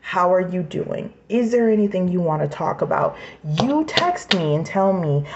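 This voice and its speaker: A woman's voice: on the low side, expressive, moderate pace, hardly any pauses, darkish tone, lo-fi sound. A woman in her twenties venting in an emotional personal rant, angry, raw and profane, sometimes dropping to a whisper. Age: 20s. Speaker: vlogger.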